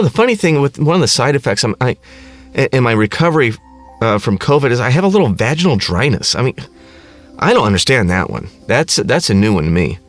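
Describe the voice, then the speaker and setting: A middle-aged man hosting his own podcast, ranting casually in a crass, sarcastic, rambling way. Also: medium pitch. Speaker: podcast host. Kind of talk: casual comedic rant.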